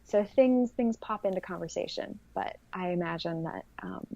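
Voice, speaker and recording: A woman in her thirties from California, co-hosting a casual podcast chat in a measured, hesitant way with frequent ums. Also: fairly low pitch, vocal fry, mellow, no room sound. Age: 30s. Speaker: podcast co-host. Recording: dry, dull lo-fi audio.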